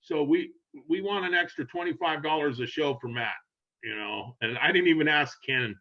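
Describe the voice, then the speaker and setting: An older man telling a long rambling story in casual chat, animated and laughing, acting out quotes in a raised voice. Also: a little high, moderate pace, gravelly. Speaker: guest storyteller. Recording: dull lo-fi sound.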